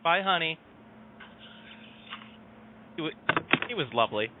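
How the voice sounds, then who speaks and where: Male host, a touch high-pitched, flustered and jokey, heard on phone-quality audio. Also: lively intonation, a little slow, background noise. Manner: joking, flustered. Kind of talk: casual call-in show banter.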